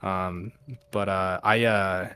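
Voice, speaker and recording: A young man telling stories in casual chat. He swears a lot and acts out quoted people in a much higher voice. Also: level tone, slow, bright, forceful tone, a little hiss or hum. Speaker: podcast guest, VR DJ.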